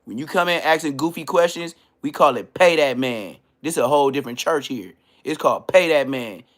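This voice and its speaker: A man hosting a podcast, delivering a comedic roast rant full of slang and mocking jabs, swinging between loud outbursts and low muttered asides. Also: fairly quick. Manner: trash-talking, heavy slang, mocking. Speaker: podcast host.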